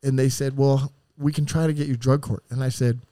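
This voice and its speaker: A San Diego-area podcast guest recounts his rough story in candid, brisk storytelling, his average-pitched voice blunt, profane, and animated. He slips into quoted voices as he retells events, and the sound is close and dry with no room echo.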